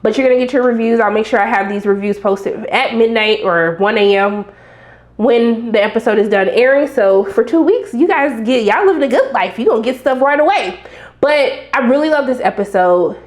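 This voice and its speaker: A young woman with a high, bright-sounding voice recaps a TV episode in a loose, animated way. She is sassy and talks back to the characters as she goes. The room behind her voice is echoey. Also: moderate pace. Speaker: TV recap reviewer.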